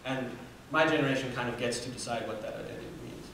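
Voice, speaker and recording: A man's voice: medium pitch, quick pace, a bit bright, slight background noise. A young man from Namibia telling a personal story as a student speaker, earnest, with fillers and restarts. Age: 20s. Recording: echoey hall from far off.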